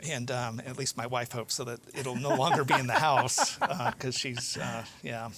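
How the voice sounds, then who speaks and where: A man's voice: mid-range voice, normal speed, gravelly, very noisy. Chatty male host telling a story. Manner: animated anecdote-telling with many fillers and restarts. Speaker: podcast host. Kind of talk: casual storytelling in an interview.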